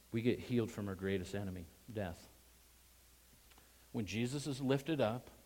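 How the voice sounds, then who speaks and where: A man preaching a sermon emphatically, repeating phrases and swinging between loud stressed words and quiet asides. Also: fairly low pitch. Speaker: pastor.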